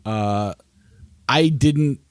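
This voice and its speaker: A man co-hosting a movie review podcast, talking in a relaxed, easygoing way. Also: medium pitch, extremely slow, clear, resonant tone, no room sound, clean studio sound. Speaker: podcast co-host. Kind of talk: casual movie review chat.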